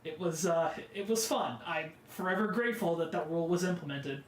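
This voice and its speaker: Young male co-host, high voice, lively storyteller, roomy sound. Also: brisk, slight background noise. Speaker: podcast co-host. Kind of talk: casual chat. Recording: roomy echo.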